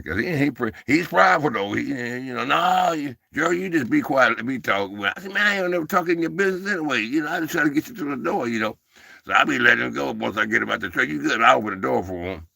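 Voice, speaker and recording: A man's voice: medium pitch, gravelly, pushed and bright, dry recording, studio quality. A man hosting a casual livestream, rambling in a folksy way and calling listeners "baby" and "man". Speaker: livestream host.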